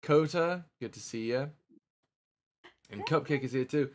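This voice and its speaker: A man's voice: mid-range voice, a little slow. Laid-back man hosting a live stream. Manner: laid-back, laughs often, greets chat members. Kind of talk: casual live-stream chat.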